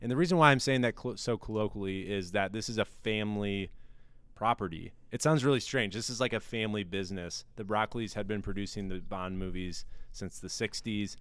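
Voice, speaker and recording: A man with a lowish, smooth and clear voice hosts a podcast. He chats casually and plays around with jokes. The sound is dry and close on the mic. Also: brisk, no room sound. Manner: playful, animated, jokey. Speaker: podcast host. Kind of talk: casual podcast chat with mock ad reads.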